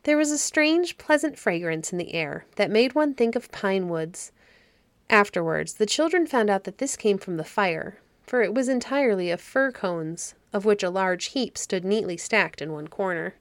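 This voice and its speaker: A woman narrating a fairy story audiobook in a calm, measured way. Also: mid-range voice, no room sound. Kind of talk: reading a fairy story aloud.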